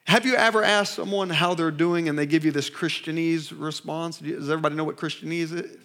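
High-voiced male preacher calling to the congregation. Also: fairly even intonation, fairly quick, bright, forceful tone. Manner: call-and-response with the congregation; emphatic, repeats phrases and restarts. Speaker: pastor. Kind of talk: sermon. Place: church service.

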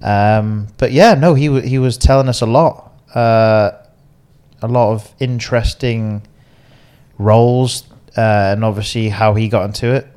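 Male co-host, animated storyteller, casual chat. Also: medium pitch, clean tone. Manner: animated storyteller, quick laughs, acts out quotes. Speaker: podcast co-host and caddie.

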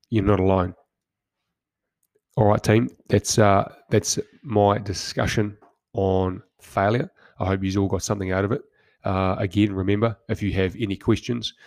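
A deep, gravelly male voice delivers a motivational podcast monologue in a flat, steady tone. He speaks in short, direct commands and often trips over repeated words. The sound is dry and close, with no room around it. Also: no room sound. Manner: direct, punchy exhortations with stumbling repeated words. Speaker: podcast host.

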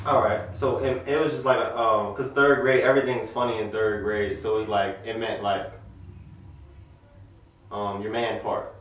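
A man's voice: lowish voice, level tone, unhurried, a bit bright, far from the mic. A young man tells a story to friends in loose, slangy chat, laughing through it. His voice rings in a very echoey room. He sits some way off the mic. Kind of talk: casual chat among friends.

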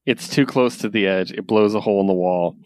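A man co-hosting a casual podcast, recapping a story with animated storytelling and filler words. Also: fairly low pitch, brisk, dry recording, clean studio sound. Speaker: podcast co-host, comic reviewer. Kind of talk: casual chat.

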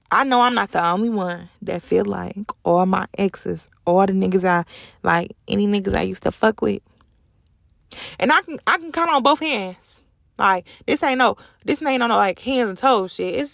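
Blunt, gravelly-voiced woman ranting. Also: on the high side, no room sound, clean studio sound. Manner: blunt, profane, emphatic with repeated phrases. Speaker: podcast host. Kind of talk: unscripted solo podcast rant.

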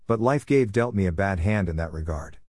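Low-voiced wry male storyteller. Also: animated, brisk, a little mellow, no room sound, studio quality. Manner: reflective and wry. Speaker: narrator. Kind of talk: first-person story narration.

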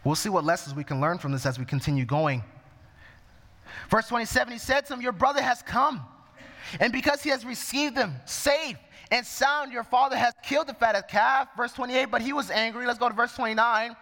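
Man, preacher, sermon, reads scripture verse by verse, bright tone, echoing hall. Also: very high-pitched, a little fast.

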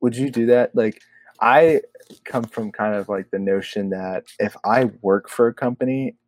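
A man's voice: fairly low pitch, normal speed, a little mellow. A man co-hosting a podcast in casual chat, rambling with lots of "like" and "you know.". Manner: rambling, filler-heavy, full of "like" and "you know". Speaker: podcast co-host.

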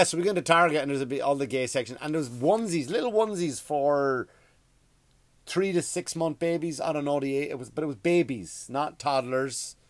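A man's voice: on the high side, no echo. A middle-aged man from Ireland with an Irish accent, hosting a comedic rant podcast in a crude, rambling, profane way. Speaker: podcast host.

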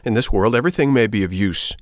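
A man voicing an old woodcarver father who lectures patiently and gently. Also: fairly low pitch, fast, no room sound, studio quality, natural voice.

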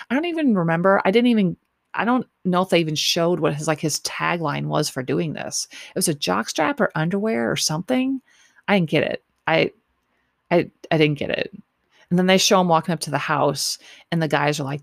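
A woman with a low voice and a gravelly edge talks through a show recap in a loose, rambling way. She leans on fillers and repeats herself as she goes. The sound is dry and close, with no room around it. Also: fairly quick, dry recording. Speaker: podcast host recapping a dating show. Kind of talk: casual chat.

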